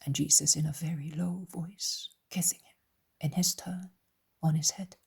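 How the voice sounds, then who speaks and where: A woman narrating an audiobook in a soft, hushed, mostly whispered voice. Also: sits low, steady tone, moderate pace, creaky, slightly rough. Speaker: audiobook reader.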